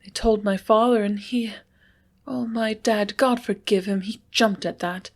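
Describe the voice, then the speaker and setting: A woman voicing a passionate young ranch woman in an audiobook, speaking in a tremulous, halting, breathless way. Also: medium pitch, fairly even intonation, voice pushed up. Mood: anxious. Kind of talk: audiobook character reading.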